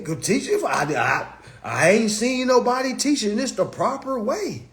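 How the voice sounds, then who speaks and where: Animated, profane man ranting on a live stream. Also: very high-pitched, a little slow, few pauses. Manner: blunt, profane, animated, with rhetorical questions. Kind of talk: casual live stream rant.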